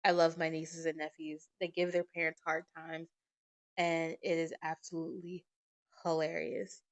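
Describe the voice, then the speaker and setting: Woman on a podcast mic, kinda low voice, chatty and animated, cusses casually. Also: moderate pace, muffled recording. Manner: animated, swears casually, laughs at her own stories. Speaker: podcast host. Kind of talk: casual storytelling monologue. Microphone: podcast microphone.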